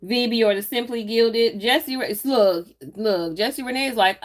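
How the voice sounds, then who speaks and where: A woman's voice: a little high, moderate pace. A woman, chatting casually with her live chat as she decorates her planner, teasing viewers and laughing often.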